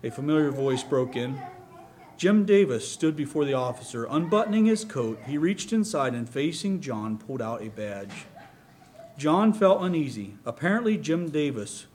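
A man preaching, reading a story aloud to a congregation in a calm, steady way. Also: on the high side, normal speed, a little hiss or hum.

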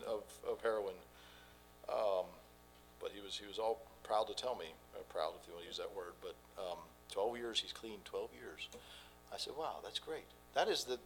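A man preaching a sermon, swinging between quiet and loud delivery. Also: fairly low pitch, a little hiss or hum, poor audio. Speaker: pastor.

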